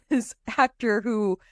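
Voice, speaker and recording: A woman guest on a podcast, telling a story in an animated, chatty way. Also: fairly high pitch, takes it slowly, no room sound, studio quality.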